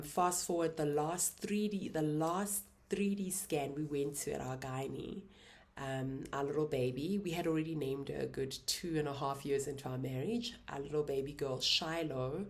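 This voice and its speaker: South african woman in her 30s, low voice, soft and halting, telling her own story on a vlog. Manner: soft, halting, emotional retelling. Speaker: YouTuber.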